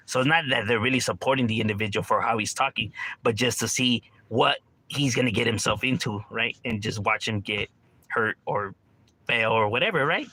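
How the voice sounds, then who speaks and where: A man on a livestream reads chat and rambles casually in slang, swearing freely, laughing often, and calling listeners "bro" and "homie." His husky, sharp-toned voice is medium in pitch and a little fast. There's no echo.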